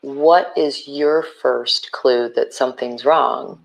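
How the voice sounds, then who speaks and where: A woman interviewing for a documentary, asking measured, probing questions and reading letters aloud. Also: a bass voice, gravelly, muffled recording.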